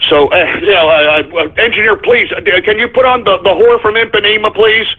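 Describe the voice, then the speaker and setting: Agitated high-pitched ranting radio host man. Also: a little fast. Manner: agitated ranting, shouting bursts, repeats himself. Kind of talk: ranting call-in radio monologue. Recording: phone-line quality broadcast.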